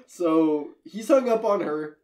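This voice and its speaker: Male podcast co-host, a bit higher pitch, loose rambling recap, quick to laugh, casual swearing. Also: animated, darkish tone. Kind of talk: casual movie recap chat.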